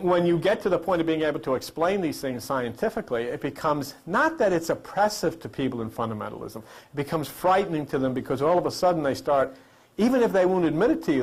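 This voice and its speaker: A man hosting a talk show, talking casually to a studio audience and telling animated stories with laughing asides. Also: on the high side, fairly quick, slightly rough. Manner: animated storyteller, acts out voices with laughing asides. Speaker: host.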